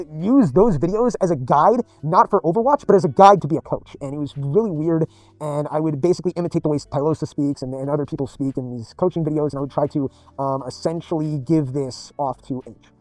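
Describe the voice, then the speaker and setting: Man, slightly high voice, rambling storyteller, emphatic, repetitive, swearing, dry close sound. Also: a little mellow, dry recording. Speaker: gaming video creator.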